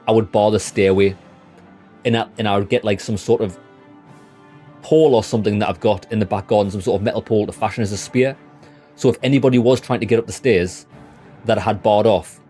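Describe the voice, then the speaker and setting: Mellow-voiced British gaming streamer, a man. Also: fairly low pitch. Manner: chatty, rambling, blunt and sweary. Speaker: gaming livestreamer. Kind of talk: casual chat with live chat.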